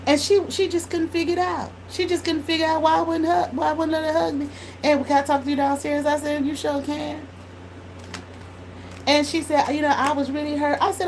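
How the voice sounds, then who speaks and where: A woman tarot reader telling a blunt, animated story in casual speech, swearing freely. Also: high-pitched, a little fast, slight background noise, rough recording.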